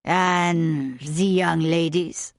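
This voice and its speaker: A woman voicing a forceful, exacting male chef with a French accent, slow and brisk in turn. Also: sits low, steady tone, no echo, clean studio sound, full character voice. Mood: brisk, curious. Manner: brisk, commanding.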